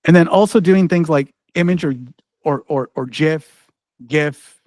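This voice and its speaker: Slightly high and a little mellow, the man's voice moves at a moderate pace in a dry recording. As an ed-tech trainer presenting a live online workshop, he talks casually through a demo, peppering it with "like" and "right?" and restarting often.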